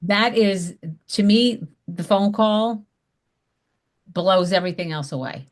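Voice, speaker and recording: Woman, video call, chatty, emphatic, teaching tone, mid pitch. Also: takes it slowly. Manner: chatty, emphatic, acts out upbeat phone invitations. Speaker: direct sales mentor. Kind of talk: zoom class teaching.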